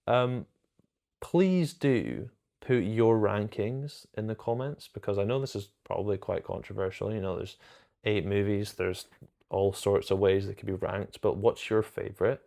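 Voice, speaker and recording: A man's voice: on the low side, unhurried, vocal fry, mellow. A man chatting casually and enthusiastically to camera about films, rambling and correcting himself as he goes. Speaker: film reviewer.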